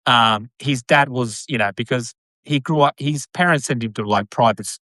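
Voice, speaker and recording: Brief: male host, bright tone, dry close sound, loose chatty rambling. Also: medium pitch, moderate pace, no echo. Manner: rambling, lots of fillers and repeated yeahs. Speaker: podcast host. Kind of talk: casual chat on a live video.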